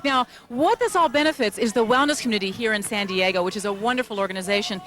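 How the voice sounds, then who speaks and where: A woman's voice: a little high, fast, a bit bright. A woman hosting a TV segment outdoors at a fair, upbeat and chatty as she promotes a charity event. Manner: enthusiastic, chatty. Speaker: TV station host. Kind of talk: upbeat promotional host chat. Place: outdoors at a fairground infield.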